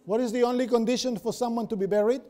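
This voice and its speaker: High-voiced male preacher asking questions. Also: fairly even intonation, fast talker, warm tone. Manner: storytelling with many rhetorical questions to the audience. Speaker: pastor. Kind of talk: sermon.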